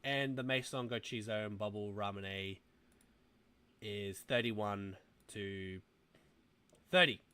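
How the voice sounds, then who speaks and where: A man's voice: lowish voice, steady tone, slow, pauses often, sharp tone, smooth. A young man hosting a casual toy livestream, rambling and muttering asides to his chat as he browses. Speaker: toy review livestream host.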